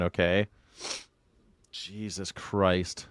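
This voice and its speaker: A man's voice: mid-range voice, normal speed. A man hosting a live news reaction stream, talking casually, joking and mocking, swearing freely. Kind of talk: casual livestream commentary.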